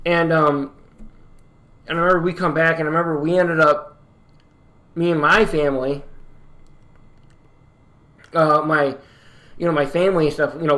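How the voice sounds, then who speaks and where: A young man from upstate New York telling a personal story in a casual vlog, rambling and halting with many fillers and restarts. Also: on the high side, fairly bright tone. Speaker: YouTuber.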